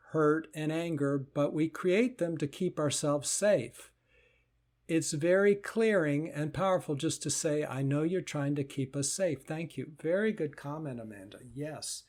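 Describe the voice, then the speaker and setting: Man, high pitch, meditation teacher, live Q&A, gentle, reassuring, repetitive phrasing. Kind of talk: live Q&A talk.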